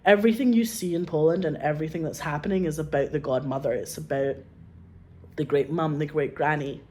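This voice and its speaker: A woman's voice: deep voice, a little fast, dark tone, slight background noise. Effusive, rambling woman. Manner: rambling and effusive, heavy on "like", acts out quoted voices. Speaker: filmmaker guest. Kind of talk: casual chat.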